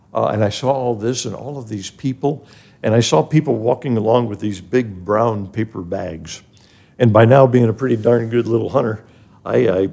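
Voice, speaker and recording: An older man who grew up in an African village, now a charity's president emeritus, tells his life story as a podcast guest. His lowish voice is mellow, slightly rough, with vocal fry, and his earnest delivery swells with emotion when he's moved.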